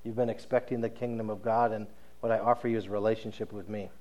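A man voicing a gentle, inviting male savior who speaks in an earnest, reassuring way. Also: medium pitch, a little fast, lo-fi sound, close to an everyday voice.

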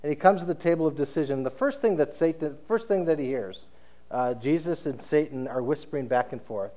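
A man's voice: fairly high pitch, a little fast, warm tone. A man preaching a sermon in a conversational storytelling way, often checking in with his listeners.

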